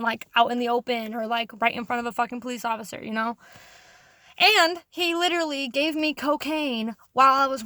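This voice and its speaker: A woman's voice: fairly high pitch, pushed and bright, no echo. A young woman vlogger ranting through a story, heated and profane, rambling with lots of filler words. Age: young adult. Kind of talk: casual storytime rant.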